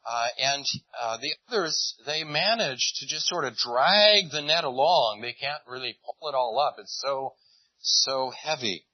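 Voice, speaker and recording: A man preaching a relaxed storytelling sermon, chatty and unhurried. His voice carries a slight husk. The recording is close and dry, with a dull, lo-fi tone. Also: mid-range voice, no echo. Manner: conversational storytelling, retelling scenes in lively voices. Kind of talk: sermon, retelling a Bible story.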